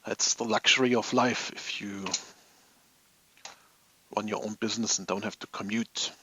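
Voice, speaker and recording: A man's voice: lowish voice, fairly even intonation, moderate pace, bright, forceful tone, slight background noise. A man hosting a live hobby stream from his home office, chatting casually with viewers in a rambling, amused way. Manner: rambling, chatty, laughs at his own stories.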